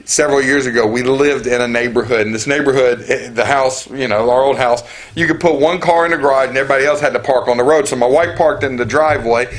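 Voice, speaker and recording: A man telling funny stories in casual chat, animated and laughing as he goes. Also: medium pitch, fast, hardly any pauses. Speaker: podcast co-host. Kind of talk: casual storytelling.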